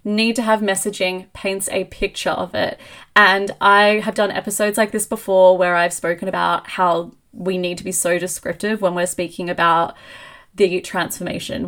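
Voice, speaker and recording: A woman hosting a solo business podcast, talking in an energetic, emphatic coaching tone. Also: medium pitch. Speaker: podcast host and marketing coach.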